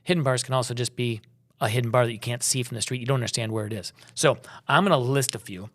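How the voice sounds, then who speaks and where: A man's voice: medium pitch, fast talker, fairly bright tone. A middle-aged man from Minnesota co-hosting a travel podcast, telling stories in a rambling casual chat. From Minnesota, USA. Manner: rambling, storytelling with restarts.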